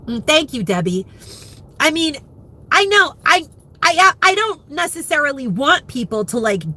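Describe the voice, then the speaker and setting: A woman's voice: fairly high pitch, sharp tone. Candid, emotional woman in her fifties. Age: 50s. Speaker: vlogger. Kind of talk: candid live chat.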